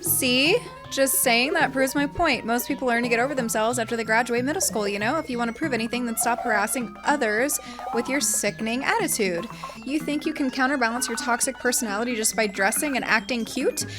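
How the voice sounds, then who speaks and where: A woman's voice: a little high, brisk, music in the background, close to an everyday voice. A woman voicing a small, feisty teenage girl from a visual novel who snaps insults. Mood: angry. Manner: snappy, insulting.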